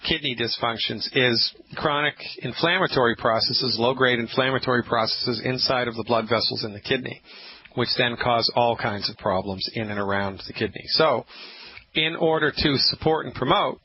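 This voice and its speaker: Emphatic male radio host, dramatic pauses. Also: medium pitch. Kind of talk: call-in radio health talk. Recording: slightly dull radio audio with faint hiss.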